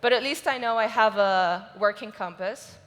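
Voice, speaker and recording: A woman's voice: medium pitch, moderate pace, a bit bright. A woman giving a motivational stage talk at a conference, telling a personal story with open emotion. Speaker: conference speaker. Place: large conference hall stage. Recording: reverberant conference hall.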